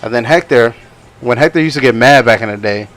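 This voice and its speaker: A young man co-hosting a podcast rambles through casual stories, laughing often and acting out people's words in other voices. He talks fast in a medium-pitched voice that's a bit bright.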